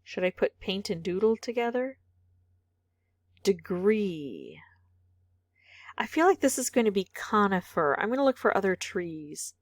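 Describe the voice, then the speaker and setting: A woman's voice: mid-range voice, expressive, a little slow, long pauses, no echo. A woman vlogger thinking aloud as she solves a word puzzle, muttering candidate words, some half-whispered, and second-guessing herself.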